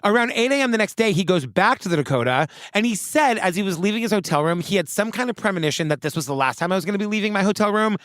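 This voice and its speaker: Man podcast co-host, high voice, chatty, casual, dry close sound. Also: animated, a bit bright, no room sound. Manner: chatty, agreeing, quick asides. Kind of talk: casual true-crime chat.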